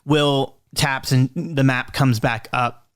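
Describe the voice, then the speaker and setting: Man, game master, casual loose narration, dry close mic, mid pitch. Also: fairly even intonation, takes it slowly, fairly bright tone, clear, resonant tone, dry recording.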